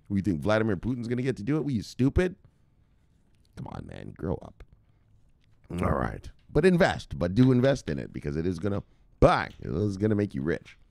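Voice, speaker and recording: Crypto channel host from Jamaica, a lowish-voiced man in a sarcastic, swearing rant with big swings in pitch, in a dry, close sound. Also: creaky, dry recording. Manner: profane, heated, sarcastic. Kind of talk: casual opinion rant to camera.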